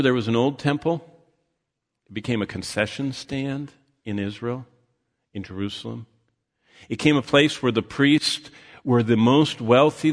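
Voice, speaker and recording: An older man preaches with animation, breaking into restarts and little acted asides. His voice sits in a middle register. A long reverb trails after him through the church. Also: medium pitch. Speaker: pastor. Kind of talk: sermon.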